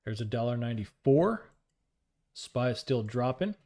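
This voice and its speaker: A man's voice: medium pitch, lively intonation, moderate pace, warm tone. A man on a live trading stream, calling out prices, coaxing the market and joking with chat. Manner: talks to the market and reads chat aloud, joking and upbeat.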